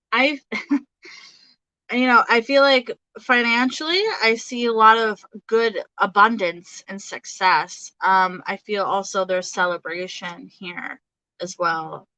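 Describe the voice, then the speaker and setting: Bright, chatty woman reading tarot. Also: mid-range voice, steady tone, slow pace, dry recording, poor audio. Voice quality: chatty, giggly, talks to her viewers directly. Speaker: tarot reader. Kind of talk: casual live tarot reading.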